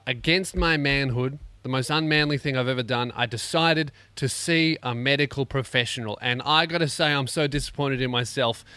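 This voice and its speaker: A man's voice: mid-range voice, smooth, dry recording. A man hosting a comedic solo podcast, crude and self-mocking, talking through neck pain. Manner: crude, self-mocking, animated with acted-out quotes. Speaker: podcast host.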